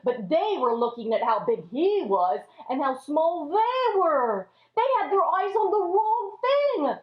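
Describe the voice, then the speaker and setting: A woman teaching a children's Sunday school lesson, telling the story in an animated way and addressing the kids as friends. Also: sits high, unhurried. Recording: echoey room, dull lo-fi audio.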